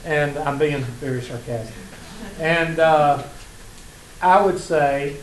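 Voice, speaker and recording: With a slightly high voice at normal speed, a Southern US man teaches college math in a laid-back lecture. He jokes, chats and tells sarcastic stories to his students, captured in an echoey classroom with faint room noise.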